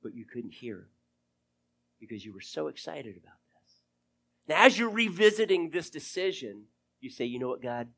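A pastor preaching a sermon to his church, acting out prayers and conversations in an animated way and dropping to a hushed voice at times. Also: mid-range voice, moderate pace, creaky, long pauses.

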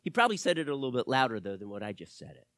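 A male pastor preaching a teaching sermon, swinging from loud emphasis to quiet asides and asking the audience questions. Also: medium pitch, big pitch swings, racing, dry recording, studio quality. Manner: asks the audience direct questions.

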